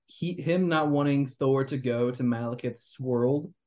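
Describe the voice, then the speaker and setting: A man's voice: mid-range voice, measured pace, darkish tone. Rambling young man reviewing a movie. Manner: rambling, critical, full of fillers and restarts. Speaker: podcast host. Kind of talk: casual movie review chat.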